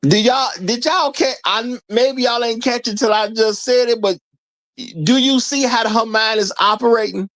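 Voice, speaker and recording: A man's voice: very high-pitched, steady tone, moderate pace, fairly bright tone, no echo. Emphatic male host talking to y'all. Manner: emphatic, addresses viewers as y'all, laughs between points. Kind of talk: casual commentary.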